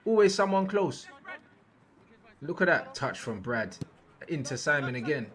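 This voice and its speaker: A young man giving casual, slangy reaction commentary over football footage, repeating phrases and breaking into loud outbursts at big moments. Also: fairly high pitch, very animated, measured pace.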